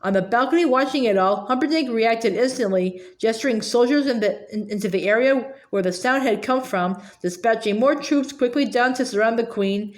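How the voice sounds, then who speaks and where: A woman reads a novel aloud in a fairly high voice, tripping over words and doubling back as she goes. The delivery is plain and unpolished. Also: moderate pace, few pauses. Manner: stumbling, repeats words. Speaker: reader.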